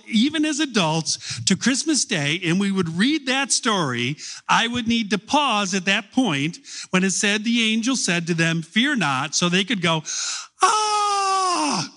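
A middle-aged man preaching a sermon, telling stories slowly with long pauses. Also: high voice, pushed and bright. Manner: slow storytelling with long pauses.

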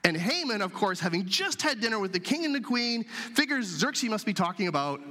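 A man telling a scripture story as a sermon, animated and acting out the characters' lines. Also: high-pitched, a little fast. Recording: long hall reverb.

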